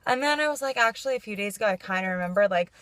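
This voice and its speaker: A woman's voice: mid-range voice, expressive, very fast, fairly bright tone, no room sound. A young woman vlogging in a casual, chatty way, saying "like" constantly and laughing through her frustration. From New York. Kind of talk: casual vlog chat.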